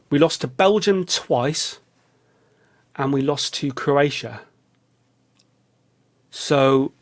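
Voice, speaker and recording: English man with a London accent, slightly high voice, self-mocking comic rambler. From England. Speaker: vlogger. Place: small hot studio.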